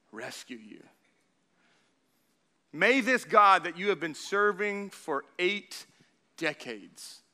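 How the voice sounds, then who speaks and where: A man preaching a sermon in a high, very bright voice. He tells the story quietly at first, then climbs into loud, animated preaching, acting out the lines of the people in it. The sound is sharp and ringing. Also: smooth. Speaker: pastor.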